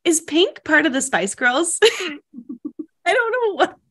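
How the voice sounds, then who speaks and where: A woman's voice: extremely high pitch, big pitch swings, very slow, a bit bright. A young woman co-hosting a casual chat, telling stories and often laughing as she talks. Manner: giggly, laughs through her stories. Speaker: podcast co-host.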